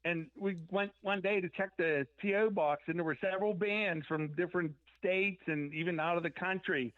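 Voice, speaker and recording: A man's voice: high-pitched, moderate pace, hardly any pauses, no echo. A man guest in an interview telling band stories in a rambling way, acting out what people said. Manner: rambling, acts out quotes from memory. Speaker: musician guest. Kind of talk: casual interview storytelling. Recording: tinny phone line.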